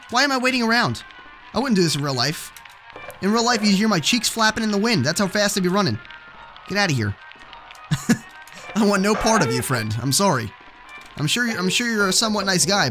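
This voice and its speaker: Jumpy young male horror gamer. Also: a little high. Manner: jumpy, joking, swears when startled. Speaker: let's play gamer. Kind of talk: horror game commentary.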